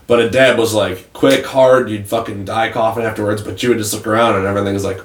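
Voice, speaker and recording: A man's voice: lowish voice, fairly even intonation, fast, recorded from a distance, a little hiss or hum. A young man, a podcast co-host, telling a long rambling story in casual chat and swearing freely. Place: attic room. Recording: roomy echo, off mic.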